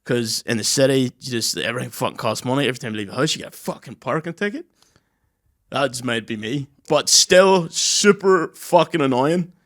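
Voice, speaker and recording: A man's voice: mid-range voice, brisk, a bit bright. A young man, telling stories on a podcast with lots of swearing and acted-out quotes. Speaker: podcast co-host. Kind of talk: casual chat.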